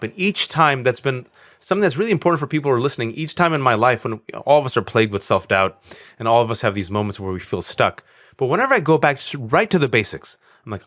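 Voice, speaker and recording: A man's voice: medium pitch, fairly bright tone, dry recording, studio quality. Earnest, self-mocking man in his forties. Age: 40s. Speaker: podcast guest. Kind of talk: candid conversational interview.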